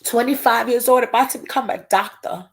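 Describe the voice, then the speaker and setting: A woman's voice: on the high side, a little fast, gravelly, slightly rough. A woman hosting a livestream, crying and emotional as she talks openly to her viewers in casual chat. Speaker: livestream host.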